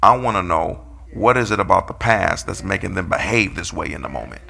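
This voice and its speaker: A man's voice: sits low, brisk, gravelly, sharp tone, breathy edge. A man preaching a sermon, playfully calling out his congregation and acting out quotes.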